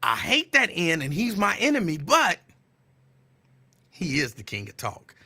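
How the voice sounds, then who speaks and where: A podcast host launches into an animated, profane call-out rant, teasing and repeating the same jabs over and over. His pitch swings widely between phrases, his tone is bright and forceful with a breathy edge, and he speaks slowly, letting each line land.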